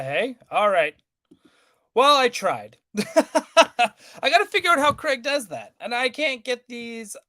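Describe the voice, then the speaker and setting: A man's voice: high-pitched, sharp tone, no room sound. A man co-hosting a casual live stream, rambling and apologetic as he fumbles with the tech. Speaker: podcast co-host.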